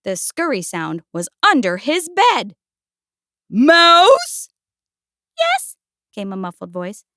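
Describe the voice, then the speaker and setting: A woman gently and expressively reading a picture book aloud. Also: mid-range voice, big pitch swings, normal speed, no echo, clean studio sound. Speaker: storyteller.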